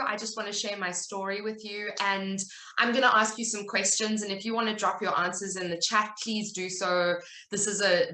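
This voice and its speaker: A woman's voice: mid-range voice, bright, forceful tone, echoey room. A woman with a South African accent, giving an earnest, conversational talk to an online audience over a video call, often restarting her sentences. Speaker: speaker at a virtual event.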